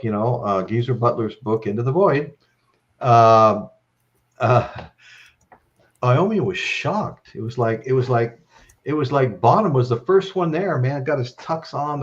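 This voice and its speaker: A man's voice: medium pitch, fairly bright tone, lo-fi sound. A man hosting a live-stream chat, telling stories in a rambling way and ending lines with "okay?". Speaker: host.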